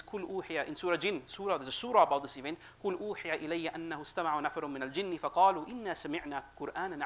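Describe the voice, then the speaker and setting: Fast, high-voiced man giving a mosque lecture. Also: fairly bright tone, low-quality recording. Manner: emotive, pleading storytelling. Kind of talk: Ramadan lecture.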